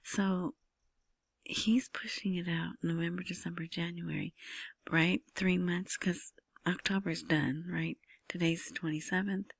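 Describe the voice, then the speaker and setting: A woman's voice: lowish voice, steady tone, a little slow, vocal fry, breathy edge, no echo. A woman talking through currency news in a casual, rambling whisper, often checking in with "right?". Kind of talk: casual solo commentary.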